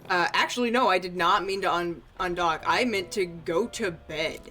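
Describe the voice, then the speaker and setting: A woman's voice: fairly low pitch, moderate pace, bright, forceful tone, soft background music. A woman streaming a fishing game, chatting casually, laughing and swearing between dialogue. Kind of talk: casual gameplay commentary.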